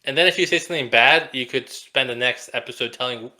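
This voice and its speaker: A young man with a bright, crisp tone who talks fast and jokes with his co-host. He chats casually and slips into acted-out quotes. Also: medium pitch. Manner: fast, joking, acts out quotes. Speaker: podcast co-host. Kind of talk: casual chat.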